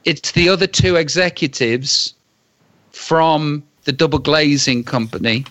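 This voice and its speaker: A man with a fairly high voice spins a spooky tale for laughs, slowing down for suspense and bursting into shouted quotes. He talks like a practised storyteller. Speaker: guest telling a story. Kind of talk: animated comic storytelling.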